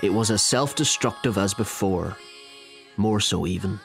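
Male documentary narrator, lowish voice, measured and even. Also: creaky, faint music behind. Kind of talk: scripted narration.

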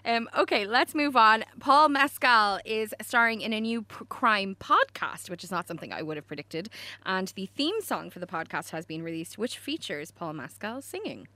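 Bright-voiced Irish woman radio host. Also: mid-range voice, animated, moderate pace, dry recording. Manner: chatty, laughs easily, frequent fillers. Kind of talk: casual pop-culture chat. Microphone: studio microphone.

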